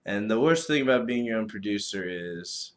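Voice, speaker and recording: Deep-voiced man ranting on a podcast. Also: normal speed. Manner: profane, rambling, animated storytelling. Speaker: podcast host. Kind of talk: casual solo podcast rant.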